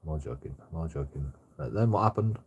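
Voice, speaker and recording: A man's voice: a bass voice, animated, fast, darkish tone, lo-fi sound, a little hiss or hum. A man chatting on a live stream while drunk, swearing a lot and breaking into laughter. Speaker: livestreamer reading out chat. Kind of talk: casual live-stream chat.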